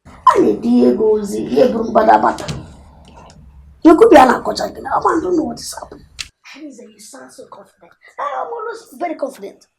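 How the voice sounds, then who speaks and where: A man's voice: extremely high pitch, wildly swooping pitch, normal speed, gravelly, slight background noise, full character voice. An actor playing a brash young prince who argues with his father and schemes with his brother. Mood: scheming. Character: young adult royal son, brash and scheming. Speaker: prince, king's son. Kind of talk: film acting.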